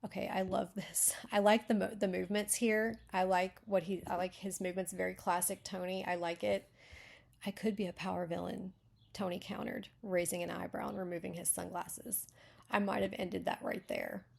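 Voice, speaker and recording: A woman's voice: mid-range voice, level tone, moderate pace, vocal fry. A woman hosting a casual writing critique, chatty and full of fillers and self-corrections. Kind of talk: casual teaching.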